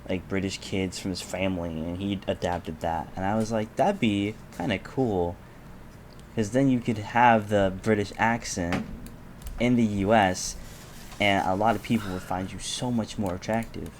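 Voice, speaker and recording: A man's voice: lowish voice, moderate pace, slight background noise. A young man, co-hosting a podcast, chatting in an easygoing way and explaining things with filler words. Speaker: podcast co-host. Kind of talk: casual podcast chat.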